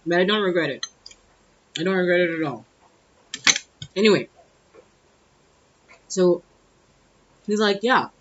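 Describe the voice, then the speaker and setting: A woman's voice: on the low side, a little slow, pauses often, highs cut off, background noise. A young woman telling a personal story to camera in a blunt, exasperated, profane way. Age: young adult. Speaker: vlogger. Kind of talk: casual storytime monologue.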